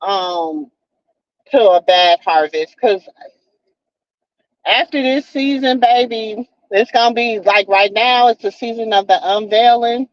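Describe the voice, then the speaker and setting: A woman with a slightly high voice hosts a live stream, speaking slowly in a folksy, preachy way, calling her viewers baby and child and repeating "you know what I'm saying." The audio is dull and lo-fi, with no echo.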